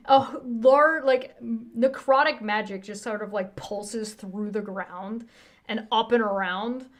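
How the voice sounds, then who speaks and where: A woman's voice: fairly high pitch, unhurried. A woman narrating a tabletop game as game master, loose and chatty with plenty of ums and laughs.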